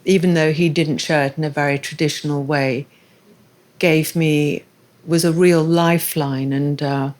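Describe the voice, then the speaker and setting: Low-voiced woman hosting an onstage conversation. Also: fairly even intonation, a little slow, a little mellow. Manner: candid, personal, thoughtful. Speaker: interviewer and show host. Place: live festival stage.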